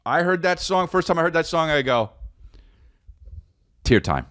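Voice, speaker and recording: A man's voice: fairly high pitch, fast talker, fairly bright tone, clean tone, no room sound, clean studio sound. A man in his forties hosting a casual comedy podcast, rambling and joking and now and then breaking into off-key singing. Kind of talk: casual solo podcast chat.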